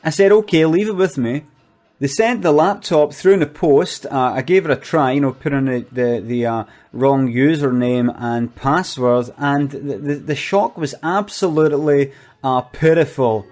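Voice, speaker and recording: A man playing a hesitant, shady product promoter who fills his talk with halting pauses and deadpan asides. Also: on the high side, close to an everyday voice. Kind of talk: comic monologue.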